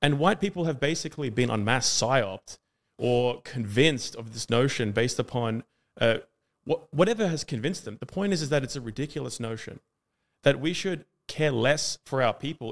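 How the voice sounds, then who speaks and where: An Australian man argues in a debate monologue, his mid-range, gravelly voice animated and fairly quick. He talks in long run-on sentences packed with fillers.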